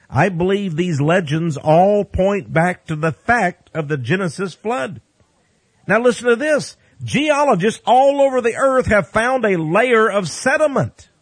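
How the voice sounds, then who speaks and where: Husky, lively man preaching folksy commentary. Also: on the high side, no room sound. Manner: exclaiming, chuckling asides, keeps calling listeners "my friends". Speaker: radio preacher.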